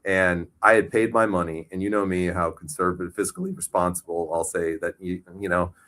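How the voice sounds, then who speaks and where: A man in his thirties tells a rambling story on a casual podcast. His voice sits fairly low, and he swears freely. He jumps into loud, shouted quotes of himself. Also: fairly even intonation, a little fast. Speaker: podcast co-host. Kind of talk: casual chat.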